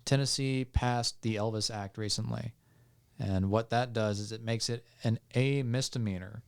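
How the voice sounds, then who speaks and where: A man, a podcast guest, calmly explaining legal points step by step with frequent fillers and restarts. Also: mid-range voice, moderate pace, creaky, clean tone. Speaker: podcast guest on music law. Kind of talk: explanatory casual talk.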